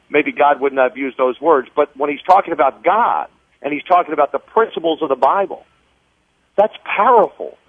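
A fervent, preacherly man heard over a tinny, narrow phone line, his voice a bit high and dry. He presses his points hard, stacking repeated words as he builds toward each one. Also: dry recording. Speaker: political guest on a call-in. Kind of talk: phone interview. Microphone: telephone.

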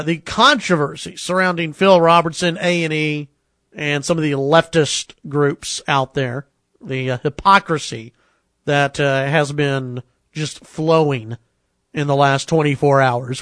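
A male talk radio host with a high, light voice, speaking from a dry studio into a close microphone. He talks briskly, stumbling over fillers and restarts as he sets up his interview questions. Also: fairly bright tone, dry recording.

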